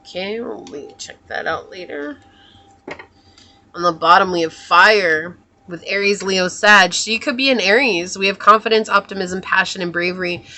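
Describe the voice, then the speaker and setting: A woman giving a pick-a-card tarot reading in a musing, soft-spoken way, often trailing off and correcting herself. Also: mid-range voice, normal speed, a little hiss or hum. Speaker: tarot reader.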